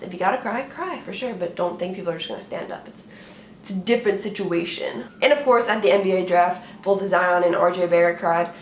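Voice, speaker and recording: A woman's voice: medium pitch, a little hiss or hum. Chatty young woman vlogging in a roomy space. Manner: chatty, playful, rambling with restarts. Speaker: sports vlogger. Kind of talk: casual talk to camera. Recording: roomy echo with faint ambience.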